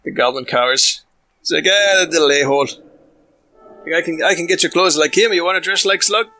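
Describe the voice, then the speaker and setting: A man voicing a whip-holding male halfling carnival keeper who talks chummy and rough. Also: a little high, a little fast, sharp tone, voice pushed up. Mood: scornful.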